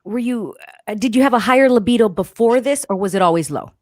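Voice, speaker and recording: A woman hosting a casual podcast interview, bubbly and excitable, talking fast and eagerly. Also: on the high side, dry recording, clean studio sound. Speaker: podcast host.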